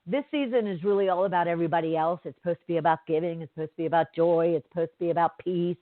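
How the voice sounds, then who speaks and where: A woman's voice: lowish voice, fairly even intonation, racing, no room sound. Chatty woman host on a tinny line. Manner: chatty, rambling, lots of fillers and asides. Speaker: podcast host. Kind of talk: casual storytelling monologue. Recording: dry, tinny phone-like line.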